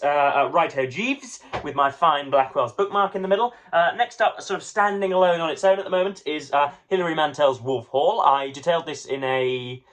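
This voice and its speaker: A man's voice: fairly high pitch, a bit bright. A young man chatting casually to camera about his reading, wordy and playfully grandiose, full of ums and restarts. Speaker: book vlogger.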